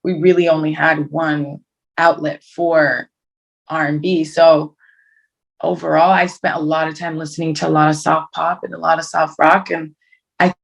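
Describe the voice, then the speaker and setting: Young woman guest, low gravelly voice, chatty and rambling, video-call sound. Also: level tone, normal speed, poor audio. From Toronto, Canada. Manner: chatty, rambling with many likes and restarts. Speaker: guest singer. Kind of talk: casual interview over video call.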